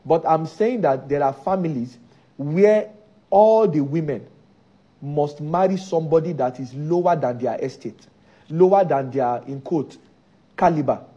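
A man's voice: a little high, measured pace, dark tone, breathy edge, highs cut off. A man preaching a sermon, driving his points home by repeating key phrases.

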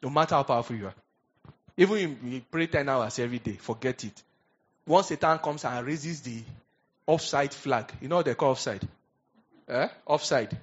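A man preaching a sermon as pastor, animated, swinging from hushed asides to loud emphatic bursts. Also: mid-range voice, normal speed, long pauses, slightly rough, lo-fi sound.

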